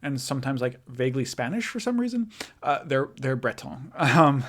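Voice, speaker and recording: A young man delivers a recorded lecture in a loose, conversational way. He thinks aloud, circles back and corrects himself, leaning on fillers as he goes. His pitch sits right in the middle for a man. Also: big pitch swings, moderate pace, fairly bright tone. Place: in front of a backdrop image.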